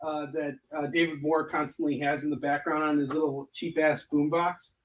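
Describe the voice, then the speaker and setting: A man with a slightly higher voice rambles through a casual livestream as he sorts his stock indoors. He jokes and drifts between asides to his viewers. His voice sits back from the mic, with a faint hiss underneath. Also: steady tone, moderate pace, few pauses, far from the mic. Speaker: comic artist livestreaming convention prep. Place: indoor prep room where he packs books.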